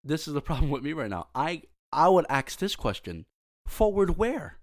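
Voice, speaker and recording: A man's voice: fairly high pitch, very animated, fairly quick, no room sound, studio quality. A man co-hosting a devotional podcast, chiming in to affirm the host and pose questions.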